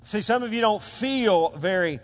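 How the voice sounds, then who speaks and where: Man, pastor, sermon, high-pitched, calls for responses, big reverberant church hall. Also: unhurried. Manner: animated, calls for congregation responses. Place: church sanctuary.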